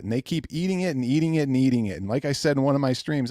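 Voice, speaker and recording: A man's voice: medium pitch, lively intonation, fast, dark tone, dry recording, studio quality. A man, a guest on a late-night chat show, ranting in casual talk and mocking others in exaggerated voices.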